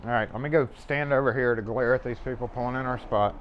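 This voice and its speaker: Talking fast in a steady, medium-pitched tone, a man livestreams from his locksmith shop while working a lock. The chat is rambling and offhand, with occasional swearing and chuckles, and his mobile mic yields dull audio with a little hiss or hum.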